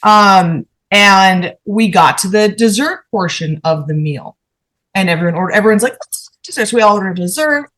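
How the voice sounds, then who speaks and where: A woman on a podcast panel, telling a story in a casual, animated and profane way and acting out the dialogue. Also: mid-range voice, normal speed.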